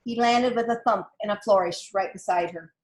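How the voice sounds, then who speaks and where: This storybook reader, a woman, speaks at a medium pitch and normal speed. She reads a children's picture book aloud with a soft, expressive storyteller's touch.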